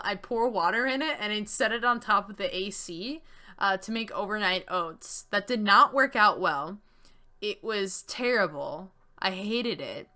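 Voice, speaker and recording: A woman's voice: mid-range voice, pushed and bright, clean tone. A young woman chatting casually while playing a text game and reading its story aloud, laughing easily and using lots of fillers. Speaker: game streamer. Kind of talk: casual let's-play chat and reading aloud.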